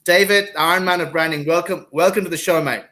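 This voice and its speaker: A man's voice: on the high side, quick pace, pushed and bright. A man hosting a live-streamed panel over a video call, effusive and repeating his words and thanks as he welcomes guests. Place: Singapore.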